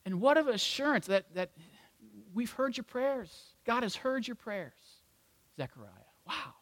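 A man's voice: very high voice, big pitch swings, measured pace, a bit bright. A male pastor preaching a sermon in a church with humorous, conversational storytelling. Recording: long reverb in a large hall.

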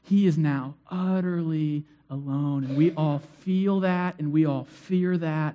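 A man preaching a sermon to his congregation, telling stories in a conversational, animated way, asking the crowd questions and repeating phrases for emphasis. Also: on the high side, measured pace, few pauses, dull audio, slight background noise. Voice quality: conversational, animated storytelling with acted-out cries. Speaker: pastor.

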